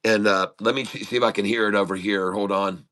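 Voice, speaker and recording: A man's voice: on the low side, steady tone, quick pace, fairly bright tone. A middle-aged man hosting a casual live stream from home, chatting and muttering to himself while he fixes his audio, with a slight lisping sound on his voice. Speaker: day-trading livestream host.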